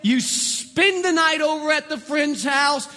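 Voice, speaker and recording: A man's voice: very high-pitched, measured pace, sharp tone. A pastor preaching a sermon, stumbling and repeating words in bursts as he acts out quoted voices. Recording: long hall reverb.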